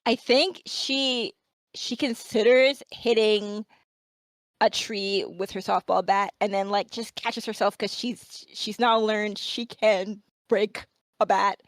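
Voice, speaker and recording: A woman's voice: medium pitch, steady tone, slow pace, dry recording. A woman playing in a tabletop role-playing game, thoughtfully describing her character's actions. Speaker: player. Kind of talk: casual role-play chat.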